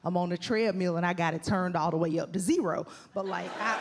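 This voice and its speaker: A woman's voice: on the low side, a little fast. A woman doing a stand-up comedy set, rambling through self-mocking stories full of "like". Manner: rambling, self-mocking storytelling with many likes. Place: comedy club stage. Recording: live club with audience laughter and noise.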